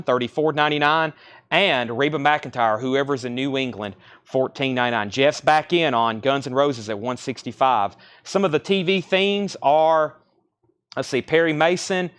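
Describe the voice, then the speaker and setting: A man hosting a live-streamed record sale, listing records and prices in rapid, brisk sales patter. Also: a little high, fairly bright tone. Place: record store.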